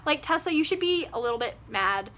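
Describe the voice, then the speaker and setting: A woman's voice: high voice, lively intonation, a little fast, pushed and bright. A woman reviewing a book on her vlog, exasperated and sarcastic, with lots of "like" and asides. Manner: exasperated, sarcastic, heavy use of "like".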